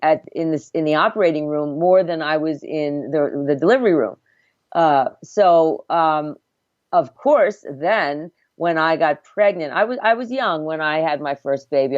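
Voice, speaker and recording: A middle-aged woman with a lowish voice speaks as a midwife guest in a podcast interview. She tells her story earnestly and reflectively, often stopping to restart her sentences. The audio is dry and a little dull and lo-fi. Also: no room sound. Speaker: midwife, former obstetric nurse.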